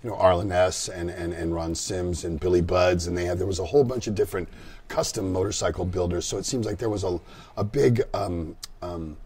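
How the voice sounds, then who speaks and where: A man's voice: low-pitched, fairly even intonation, a little fast, a little mellow. A man from Northern California hosting an interview, asking casual questions with a hesitant delivery and many ums. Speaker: host.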